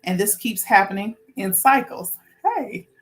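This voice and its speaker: A woman's voice: mid-range voice, fairly even intonation, a little slow. Earnest rambling woman host. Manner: rambling, restarts, talks herself through points; informal, earnest. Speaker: spiritual talk host. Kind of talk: casual spoken talk with notes.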